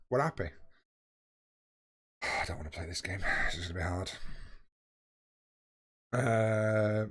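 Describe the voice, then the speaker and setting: Playing a game live, a young man shoots the breeze with viewers, calling them by name and cursing freely. His medium-pitched voice has a breathy edge.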